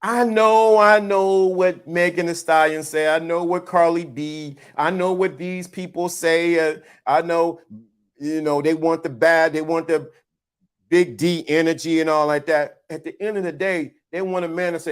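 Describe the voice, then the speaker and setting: Livestream host, male, high voice, blunt and preachy, slangy with a teasing edge. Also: a little slow. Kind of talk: casual opinion rant to a live chat.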